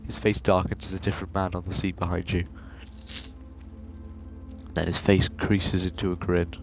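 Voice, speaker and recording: Low-voiced man narrating a game. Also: level tone, normal speed. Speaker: gaming video host. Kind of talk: reading a narrative game aloud. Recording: game music playing behind.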